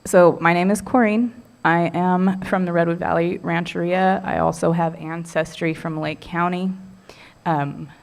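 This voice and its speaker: A woman's voice: on the low side, fairly even intonation, measured pace, creaky. A middle-aged woman who weaves baskets, giving a heartfelt, earnest talk to a community workshop audience. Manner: heartfelt and earnest, with soft laughs.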